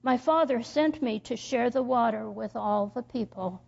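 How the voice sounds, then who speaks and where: A woman voicing a patient, kindly young man in a read-aloud story, speaking gently. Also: a little high, normal speed, vocal fry. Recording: dull lo-fi recording.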